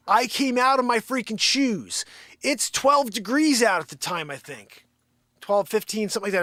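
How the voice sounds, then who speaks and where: A man's voice: high voice, a bit bright, no room sound. A man hosting a live daily stream, chatting casually and joking as he tells a story and talks to his dogs. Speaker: livestream host.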